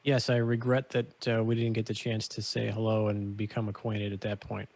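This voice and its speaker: A man playing a tabletop game in character, talking diplomatically with hesitant pauses. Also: fairly low pitch, monotone, vocal fry, a little mellow, dry recording. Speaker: player. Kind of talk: in-character role-play.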